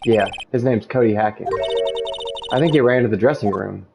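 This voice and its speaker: Earnest young lawyer guy, read by the player, gravelly, game music. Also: medium pitch, moderate pace, natural voice. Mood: plain. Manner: plain, a little unsure.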